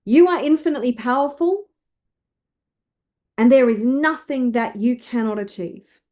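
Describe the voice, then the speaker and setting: A woman coach with a slightly high voice delivers motivational coaching. She speaks slowly and emphatically, repeating affirmations for listeners to say after her. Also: warm tone. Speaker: wealth coach.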